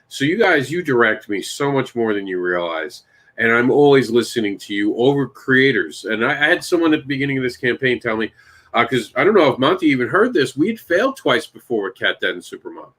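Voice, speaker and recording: A man hosting a casual chat, telling long animated stories and addressing his co-hosts by name. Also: mid-range voice, brisk. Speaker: podcast host and comic creator.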